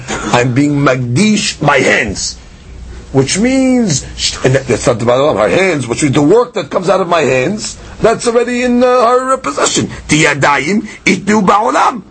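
A man giving a Talmud study lecture, explaining with questions and answers and shifting his pitch and pace for emphasis. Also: animated, measured pace, slightly rough. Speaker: Talmud teacher.

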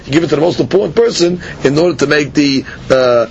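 A man's voice: quick pace, gravelly, a little mellow. A man teaching a daily Talmud class in a Sephardic Hebrew style, explaining Aramaic phrases line by line with frequent fillers and repeats. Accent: Sephardic Hebrew pronunciation. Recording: dull lo-fi podcast audio with faint rumble.

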